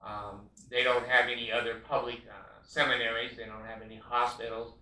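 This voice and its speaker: An older man delivers a heated monologue with a sharp, tense edge to his voice, hammering points through repetition. He sits back from the mic, and his voice rings around a roomy, echoey space. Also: mid-range voice, flat delivery, moderate pace, far from the mic. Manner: emphatic, repetitive, frequent uh fillers. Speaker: podcast host. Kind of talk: impassioned monologue.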